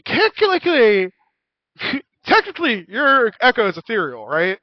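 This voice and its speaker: Giggly high-voiced guy dming over voice chat, swears a lot, slow talker. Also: huge pitch swings, no room sound, lo-fi sound. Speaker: dungeon master. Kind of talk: narrating a tabletop game.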